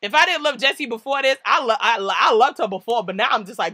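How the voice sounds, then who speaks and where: A young woman from the New York–New Jersey area reviewing a TV show in a casual vlog, slangy and animated, often laughing and acting out what others said. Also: on the high side, fast, few pauses. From New York–New Jersey tri-state area.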